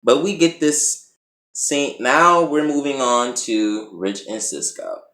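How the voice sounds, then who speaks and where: A man giving a casual, profane and animated recap of a TV episode as a reviewer. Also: medium pitch, takes it slowly. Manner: profane, animated, acts out quotes. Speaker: TV show reviewer. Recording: echoey room.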